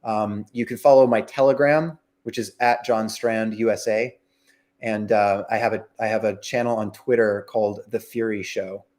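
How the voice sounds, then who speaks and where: A man's voice: fairly low pitch, steady tone, normal speed, darkish tone. A man as an interview guest, speaking plainly and from the heart. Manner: heartfelt, plain-spoken, with fillers. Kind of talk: candid conversation.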